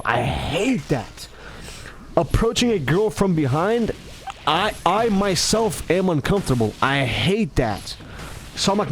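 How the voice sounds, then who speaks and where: This is a man talking in a loose, rambling monologue, his voice sitting high. He stumbles, restarts and corrects himself constantly, and his pitch leaps around with lively energy. Faint background noise runs beneath him. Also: measured pace. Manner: restless, self-correcting, stumbling over words; acts out greetings in shifting tones.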